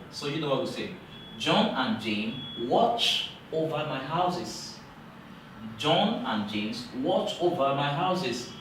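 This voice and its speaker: A man teaching English grammar in a classroom lecture, talking slowly and repeating key points for emphasis. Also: mid-range voice, noisy background. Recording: very echoey room, voice from far off.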